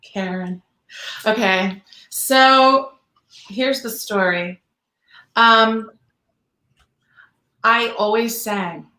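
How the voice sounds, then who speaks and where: A woman's voice: a little high, very slow, long pauses, pushed and bright. Woman guest, humble chatty talk, echoey room. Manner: chatty, self-deprecating, many fillers. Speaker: guest singer. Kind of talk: casual interview chat.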